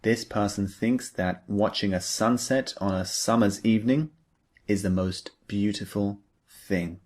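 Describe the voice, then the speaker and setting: Male English tutor, lesson narration; unhurried, lowish pitch, patient step-by-step explanations. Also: a little mellow. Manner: slow, patient, explains each example step by step. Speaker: English teacher.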